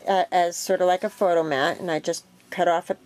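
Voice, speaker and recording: A woman with a slightly low voice talks through her homemade craft project in a loose, unhurried way. She fills pauses with ums and corrects herself as she goes, like a casual show-and-tell at her craft table. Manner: relaxed, rambling with many ums and self-corrections. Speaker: craft vlogger.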